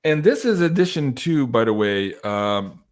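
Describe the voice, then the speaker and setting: A man's voice: medium pitch, big pitch swings, unhurried. A man hosting a casual livestream chat, rambling along with plenty of fillers and easy laughs, on a video call mic. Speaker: livestream host.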